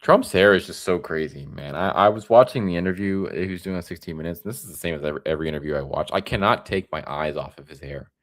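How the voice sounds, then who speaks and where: Rambling low-voiced young streamer. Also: male voice, fast, hardly any pauses. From Florida. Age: young adult. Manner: rambling, relaxed, tired. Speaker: live stream host. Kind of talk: casual live stream commentary.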